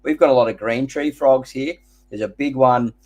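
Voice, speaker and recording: A man's voice: medium pitch, moderate pace, darkish tone. An Australian man hosting a live gardening Q&A, chatting casually and rambling into jokey stories. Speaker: host.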